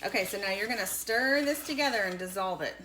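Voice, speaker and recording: In an echoey home kitchen with noticeable background noise, a mother in her thirties runs a kids' science video. Her medium-pitched voice is animated, quick, pushed and bright as she casually guides children through cooking with cheerful, patient step-by-step directions.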